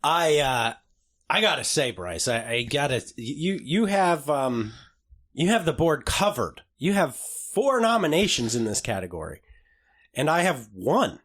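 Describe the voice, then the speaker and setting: A man co-hosting a podcast, talking in a lively, bouncing voice that rises and falls a lot. He is casual and jokey, reading sponsor spots with playful enthusiasm. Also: a little high, measured pace. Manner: animated, jokey, slips into put-on voices. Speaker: podcast co-host. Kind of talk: casual chat.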